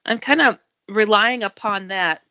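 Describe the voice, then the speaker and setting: Woman guest telling a story, bright voice, dry close sound but kinda muffled. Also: mid-range voice, measured pace, no echo. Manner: animated, acts out quotes, laughs often. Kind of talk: casual storytelling chat.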